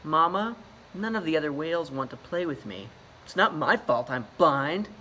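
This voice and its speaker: Male reader doing a young narwhal, self-pitying and sulky, whiny tone, bright storybook read. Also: a little high, expressive, normal speed, a little hiss or hum. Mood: upset.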